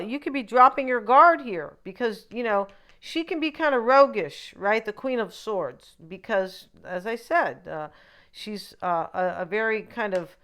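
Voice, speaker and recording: A woman's voice: mid-range voice, a bit bright. A woman giving a casual tarot reading, rambling and opinionated, with frequent asides. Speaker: tarot reader.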